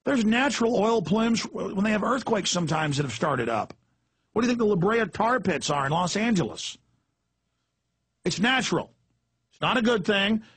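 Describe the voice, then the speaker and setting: A man's voice: high voice, lively intonation, moderate pace, fairly bright tone, husky, no room sound. A middle-aged Texan man hosting talk radio with a Texan accent, ranting in a heated, emphatic way. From Texas. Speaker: radio host.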